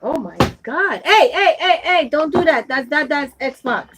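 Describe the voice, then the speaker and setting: A woman's voice: sits high, lively intonation, a little slow, noisy background. A woman vlogging at home, talking to her baby in a coaxing voice and chatting with viewers. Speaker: vlogger and mother. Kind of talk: casual home vlog chat.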